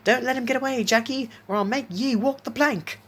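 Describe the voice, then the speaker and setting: A man voicing a giddy, cruel young boy in a high, squealing falsetto for a horror story reading. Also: fairly quick, a bit bright, heavily acted. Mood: playful.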